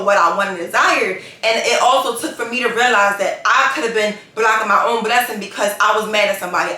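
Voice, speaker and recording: Woman vlogger, casual storyteller, animated and slangy, bright voice in an echoey room. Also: medium pitch. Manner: chatty and animated, with slangy asides.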